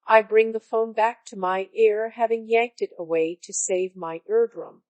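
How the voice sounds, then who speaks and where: A synthetic woman's voice reading a story aloud in a flat, even way, as narrator. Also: a little high, a little slow, few pauses, dry recording, rough recording.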